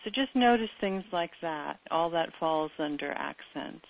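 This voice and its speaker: A woman's voice: low voice, animated, measured pace, creaky. Woman teaching over a tinny line. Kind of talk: daily listening lesson. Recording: tinny phone-like sound.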